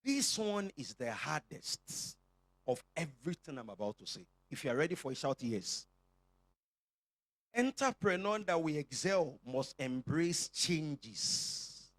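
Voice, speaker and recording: A man's voice: on the high side, very animated, a little slow, fairly bright tone, dry recording. A male pastor with a Nigerian accent preaching a sermon to his church, joking and calling for responses from the congregation.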